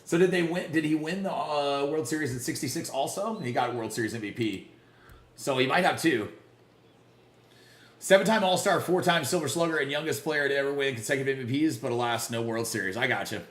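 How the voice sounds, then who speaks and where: A man hosting a casual live game stream, greeting viewers by name and reacting loudly to big plays. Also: medium pitch, brisk, echoey room. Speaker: livestream gamer.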